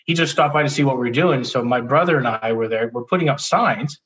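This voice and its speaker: A man speaks as an interview guest at a middle pitch. He tells a personal story in an animated, candid way, often restarting his sentences. The sound is a little dull and muffled. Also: quick pace. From Canada. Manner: animated, restarts often, laughs while telling.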